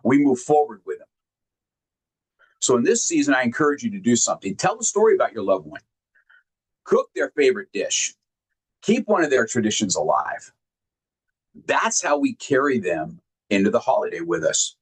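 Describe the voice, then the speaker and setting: A man giving a heartfelt motivational talk, sharing personal stories earnestly and emphatically, often halting and repeating words when moved. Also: medium pitch, big pitch swings, husky. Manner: emphatic, directly addresses listeners. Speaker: motivational speaker.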